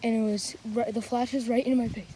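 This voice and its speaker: Breathless high-voiced woman filming outdoors. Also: steady tone, fast talker, a little hiss or hum. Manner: hushed and jumpy, bursting into loud exclamations. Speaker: vlogger. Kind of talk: breathless running commentary while playing hide and seek. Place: outdoors in a thunderstorm at night. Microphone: handheld phone camera.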